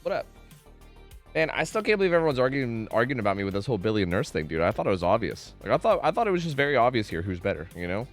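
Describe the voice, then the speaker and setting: A male streamer chatting casually with his viewers, his voice swinging high and low as he rants and curses freely. Faint music plays quietly underneath. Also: very fast. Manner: animated, profane, ranting. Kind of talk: casual chat.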